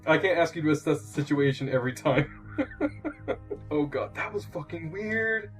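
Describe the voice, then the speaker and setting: A man's voice: fairly high pitch, animated, brisk, faint music behind. A man running a tabletop game, narrating and joking casually with fillers. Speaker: game master.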